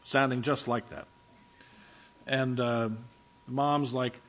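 A male pastor delivering a sermon as if chatting, telling stories and stopping for fillers as he goes. His voice sits at an ordinary pitch, and the recording is slightly dull and lo-fi. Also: unhurried, long pauses, a bit bright. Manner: conversational storytelling with fillers.

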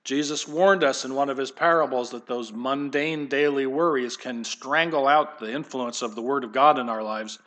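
A man's voice: medium pitch, moderate pace, hardly any pauses, a bit bright. A man preaching a sermon in church, talking in a conversational, digressive way and speaking straight to the congregation and the kids. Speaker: pastor.

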